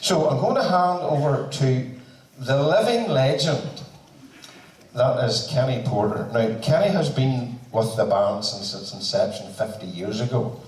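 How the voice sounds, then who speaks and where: A man's voice: medium pitch, expressive, unhurried, a little mellow. A man with a Northern Irish accent compering a band concert, chatty and teasing as he tells stories between introductions. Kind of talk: joking stage introductions. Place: concert hall. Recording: echoey hall from far off.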